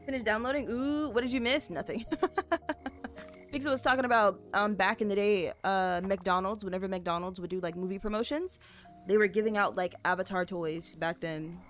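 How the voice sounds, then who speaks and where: A woman's voice: mid-range voice, fairly even intonation, moderate pace. A young woman streaming a building game, chatting casually with her viewers, rambling with lots of fillers and little giggles. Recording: soft music playing behind. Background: faint background music.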